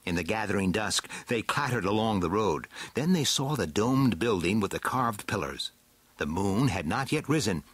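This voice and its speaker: A man reading a storybook aloud with a slow, dramatic, swooping delivery. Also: lowish voice, animated, a bit bright, husky, no echo. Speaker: narrator.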